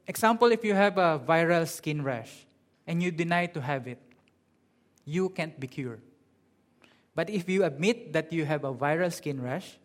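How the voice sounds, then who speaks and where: A man preaching a sermon in an earnest way, drawing out key words slowly for emphasis. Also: fairly high pitch. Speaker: pastor.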